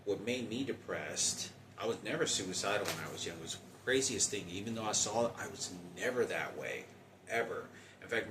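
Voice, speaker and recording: A man in his forties talking in a halting, rambling personal monologue with many restarts. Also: on the low side, reverberant, distant mic, background noise. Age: 40s.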